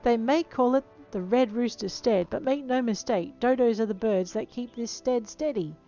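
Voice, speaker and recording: A woman's voice: on the high side, moderate pace, mellow, lo-fi sound, soft background music, close to an everyday voice. A woman reading out the lines of a gushing male farmer who dotes on his animals, in a theatrical, swooning way. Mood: doting.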